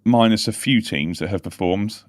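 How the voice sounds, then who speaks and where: A man's voice: fairly low pitch, normal speed, dry recording, clean studio sound. A man hosting a casual football podcast, swearing, laughing easily and losing his train of thought. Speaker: podcast host.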